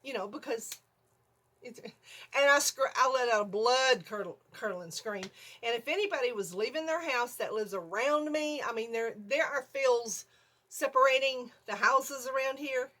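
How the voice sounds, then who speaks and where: Woman, middle-aged, excitable vlog storyteller, breathy, highish pitch. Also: normal speed. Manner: excitable, laughs often, acts out screams. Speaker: vlogger. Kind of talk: animated storytelling.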